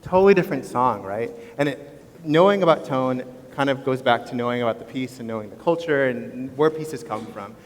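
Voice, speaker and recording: A man's voice: medium pitch, fairly quick, a little hiss or hum. A man, a choir director, explaining vocal exercises to a concert audience in a casual, teacherly way. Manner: casual, relaxed teacherly talk with fillers. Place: school concert stage. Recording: long hall reverb.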